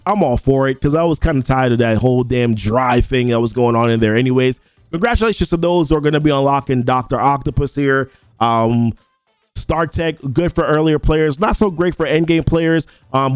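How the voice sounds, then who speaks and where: A man's voice: fairly high pitch, darkish tone, smooth, dry recording. Casual Jamaican man hosting game news. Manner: chatty, filler-heavy, addresses viewers as guys. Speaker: mobile game news host. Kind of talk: casual weekly gaming news roundup.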